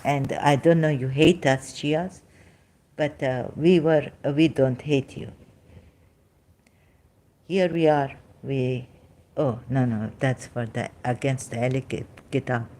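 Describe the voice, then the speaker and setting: A woman's voice: rumbling low, takes it slowly, long pauses, mellow. A woman arguing religion in a dramatic, self-interrupting way with frequent apologetic asides. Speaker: ex-Muslim debater. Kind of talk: heated religious debate.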